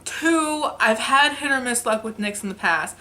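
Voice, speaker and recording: A woman's voice: on the high side, animated, normal speed, pushed and bright. Chatty young woman beauty vlogger. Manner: chatty, filler-heavy, enthusiastic. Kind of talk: casual makeup haul chat.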